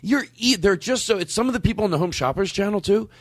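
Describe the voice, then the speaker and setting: A man hosts a comedy podcast, riffing with quick asides and plenty of swearing. His pitch swoops all over as he talks. The sound is dry and close. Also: expressive, dry recording. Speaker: podcast host. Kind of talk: casual comedic chat.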